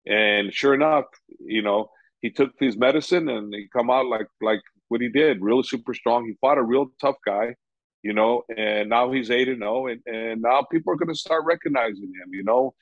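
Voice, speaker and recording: An MMA coach who trains fighters talks in a casual interview, rambling and saying "you know" a lot. His voice is medium-pitched at a normal speed, and the dry recording has a dull, lo-fi sound.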